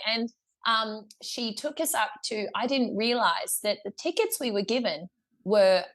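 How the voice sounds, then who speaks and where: A woman's voice: fairly high pitch, animated, a little slow, a bit bright. A young woman with an Australian accent, a guest musician telling a story in a casual interview, chatty, laughing often, with lots of fillers and restarts.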